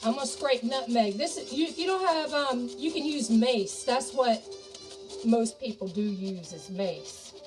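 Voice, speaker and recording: A home cook who also works as a ghost tour guide chats folksily with viewers, calling them "y'all," while making soup in her home kitchen for a chatty cooking video. Her voice is a little high and animated, her pace measured. The mic is distant, with music playing in the background.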